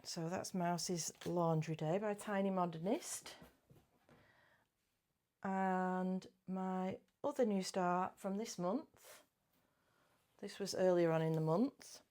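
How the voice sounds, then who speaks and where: A woman's voice: on the low side, slow pace, pauses often, warm tone. A middle-aged woman chatting casually about her cross-stitch projects, giggly and often correcting her own words. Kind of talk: casual chat.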